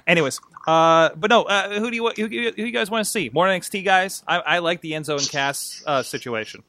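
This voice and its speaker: A man's voice: sits high, fairly quick, pushed and bright, no echo. A man hosting a casual wrestling podcast, rambling and upbeat as he reads listener emails aloud. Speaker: podcast host.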